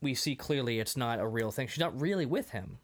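Animated man recapping a movie. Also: medium pitch, brisk. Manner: animated, acts out film lines in goofy voices. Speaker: podcast co-host. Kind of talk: casual movie-recap chat.

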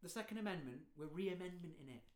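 A man's voice: high-pitched, lively intonation, fast talker, darkish tone, reverberant. Rambling jokey guy. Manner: rambling, jokey, lots of "you know what I mean". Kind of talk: casual comedic chat.

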